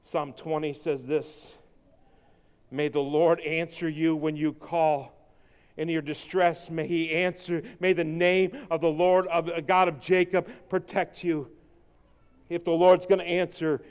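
A male pastor preaches with a high, smooth, resonant voice. He drops to quiet intensity, then builds to shouted exhortation. His voice rings through a large hall with a long reverb. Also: steady tone, unhurried, lo-fi sound. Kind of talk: sermon.

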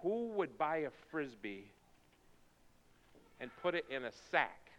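A man preaching a sermon, moving from quiet, intense passages to loud, fervent pleading. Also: a little high, very animated, slow pace, slight background noise. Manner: swings from quiet intensity to shouted fervor. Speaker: pastor. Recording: dull sound with long reverb in a hall.

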